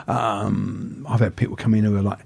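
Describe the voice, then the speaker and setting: A man's voice: lowish voice, little pitch movement, normal speed, creaky, darkish tone, breathy edge, dry recording. An older man, a martial arts teacher telling stories as a guest in a casual interview, often stammering on the first sounds of words.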